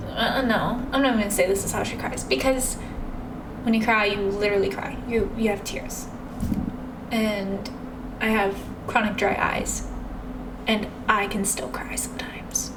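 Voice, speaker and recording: Slow-talking woman far from the mic. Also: medium pitch, fairly even intonation. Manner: matter-of-fact, reflective. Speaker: reaction video host. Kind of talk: casual commentary. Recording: distant mic with background noise.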